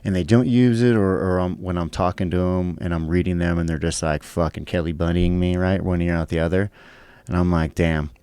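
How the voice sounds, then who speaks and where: A man's voice: sits low, steady tone, fairly quick, dark tone, clear, resonant tone, no echo. A young man chatting casually on a podcast, rambling with lots of fillers and swearing. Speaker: guest, pro fighter.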